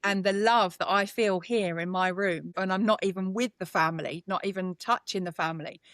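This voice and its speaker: British woman, heartfelt, halting phrasing, mid pitch, dry close sound. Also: fairly bright tone, no echo. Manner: earnest, emotional, talks with many restarts. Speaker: psychic medium guest. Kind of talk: conversational interview.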